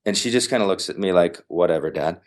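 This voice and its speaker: Man, very low pitch, guest on a podcast; animated, emphatic storyteller who repeats lines for effect. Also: fast. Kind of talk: casual storytelling in conversation.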